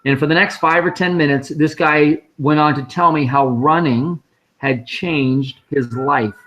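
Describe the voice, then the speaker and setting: A man's voice: a little high, steady tone, unhurried, fairly bright tone. A man, a guest speaker at a fundraising live stream, telling a personal story in a conversational way and quoting the people in it. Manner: conversational, vivid retelling with quoted dialogue.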